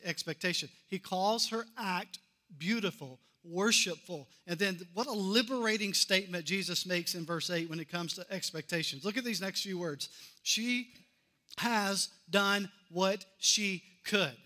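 A man's voice: sits high, moderate pace, sharp tone. A man preaching a sermon, reading scripture and repeating key phrases with building intensity. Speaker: pastor.

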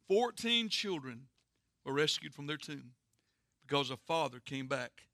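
A man preaching a sermon, telling a story earnestly with dramatic pauses and hushed endings. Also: on the high side, lively intonation, dry recording, studio quality. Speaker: pastor.

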